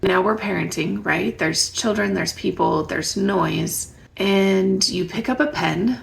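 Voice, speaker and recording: A woman with a strongly gravelly, creaky voice gives parenting advice straight to her viewers. She talks in a conversational way, often stopping to ask them reflective questions. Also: mid-range voice, slow. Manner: warm, conversational, asks the listener reflective questions. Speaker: parenting educator. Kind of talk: direct-to-camera advice talk.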